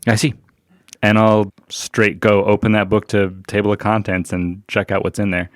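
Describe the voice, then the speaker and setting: A man's voice: on the low side, flat delivery, normal speed, dry recording. A man playing a tabletop game, chatty, swearing and laughing often. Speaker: player. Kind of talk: tabletop role-play. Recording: dry podcast mic with music.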